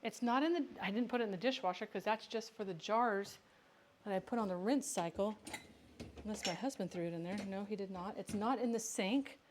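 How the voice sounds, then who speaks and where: A woman's voice: medium pitch, brisk. A woman hosting a casual livestream about home canning, chatting with viewers and talking to herself as she works. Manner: chatty, answers viewer questions, talks to herself while working. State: has the hiccups. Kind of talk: casual livestream cooking chat.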